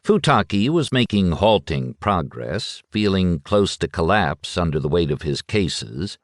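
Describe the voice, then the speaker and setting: A man reads a literary novel aloud with a deep, low voice that still moves through a wide, expressive range. His delivery is measured and sombre, and the recording is dry and close with no room sound. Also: dry recording. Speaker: audiobook narrator. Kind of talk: scripted literary narration.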